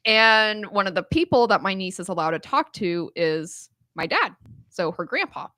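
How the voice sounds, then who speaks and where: A woman's voice: mid-range voice, normal speed, no room sound, clean studio sound. A woman guest who works in cybersecurity, chatting casually on a podcast and telling stories with frequent laughter. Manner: lively storyteller, laughs often.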